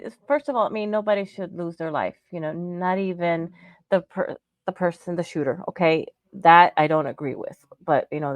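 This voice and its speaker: A woman's voice: fairly low pitch, dry recording. A woman co-hosting a podcast, delivering an indignant, emphatic rant and swearing freely. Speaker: podcast co-host. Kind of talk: angry on-air rant.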